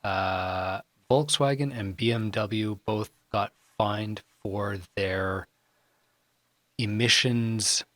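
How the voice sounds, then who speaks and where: A man's voice: lowish voice, fairly even intonation, extremely slow, fairly bright tone, no echo. A man who is a guest on a podcast, chatting casually and swearing wryly. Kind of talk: casual chat.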